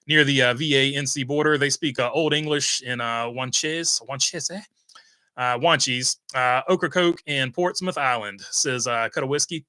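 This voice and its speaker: A man's voice: mid-range voice, sharp tone, no echo. A man hosting a casual livestream, reading out viewer comments and rambling with lots of "uh" fillers. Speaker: host reading live chat.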